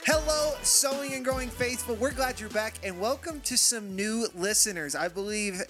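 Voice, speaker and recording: A man co-hosting a podcast at a table, chatting in a lively, playful, teasing way. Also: extremely high pitch, moderate pace, over music. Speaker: podcast co-host. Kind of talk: casual podcast chat. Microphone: studio mic at a table.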